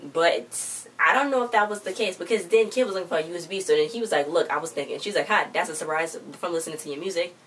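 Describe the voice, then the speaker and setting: A woman's voice: lowish voice, fairly bright tone. A young woman vlogger casually recapping a TV episode, rambling and quoting the characters one after another. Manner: rambling, quotes characters in quick succession. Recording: distant mic with faint background noise.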